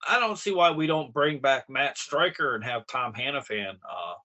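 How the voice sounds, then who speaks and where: A man's voice: medium pitch, expressive, normal speed, pushed and bright, highs cut off. A man co-hosting a casual podcast, hesitant, with many fillers and frequent laughs. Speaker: podcast co-host.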